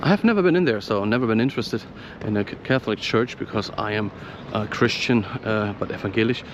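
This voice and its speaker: A German man with a German accent vlogging casually while he walks a square and a church, rambling with fillers and speaking hushed inside. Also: fairly low pitch, fast talker. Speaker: travel vlogger. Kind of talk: casual walking vlog. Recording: muffled, noisy background.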